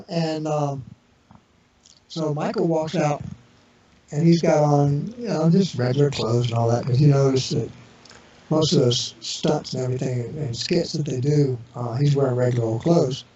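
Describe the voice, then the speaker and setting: Over muffled, distant, echoey internet radio audio with a crowd audible, a male interview guest shares casual stories. His slightly high, mellow voice moves at a moderate pace through rambling anecdotes packed with fillers and restarts, and he imitates the voices of the people involved.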